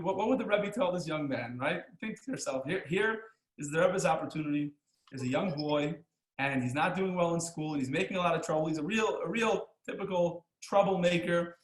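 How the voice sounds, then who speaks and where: A man teaching a class as a rabbi, telling stories and jokes in an animated, chuckling way, acting out the lines of the people in them. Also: fairly high pitch, reverberant, poor audio. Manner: animated, chuckling storyteller who acts out the characters' lines. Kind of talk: storytelling lesson with jokes.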